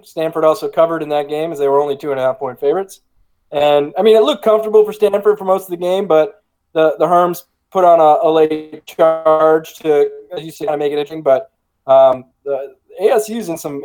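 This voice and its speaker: A man's voice: a little high, mellow, poor audio. A man co-hosting a casual sports podcast remotely, dry and matter-of-fact in an easygoing way. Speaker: podcast co-host. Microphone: remote call.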